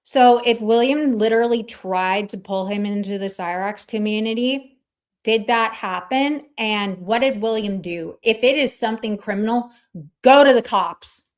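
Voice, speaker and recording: A woman streamer rants at her chat in a blunt, combative way, swearing freely. Her voice sits fairly high and her pace is slow and deliberate, words spaced out. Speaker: livestream host. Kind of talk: ranting casual stream chat.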